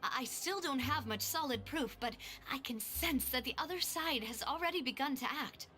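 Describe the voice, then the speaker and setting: A woman's voice: high-pitched, moderate pace, pushed and bright, faint music behind. An actress voicing a confident young woman investigating a case in a video game, earnest and determined.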